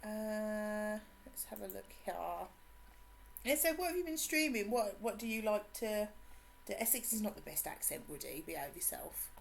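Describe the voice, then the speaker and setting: An English woman with a mixed Suffolk, Cockney and Brummie accent, chatting casually with viewers as she streams a game, bubbly and quick to laugh. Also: mid-range voice, lively intonation, creaky, slight background noise. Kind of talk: casual live-stream chat.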